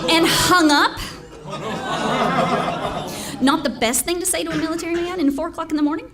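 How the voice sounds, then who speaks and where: A woman's voice: high voice, a little slow, long pauses, a bit bright. A woman telling a funny story at a storytelling contest, laughing between lines and swearing freely. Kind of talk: live competitive storytelling.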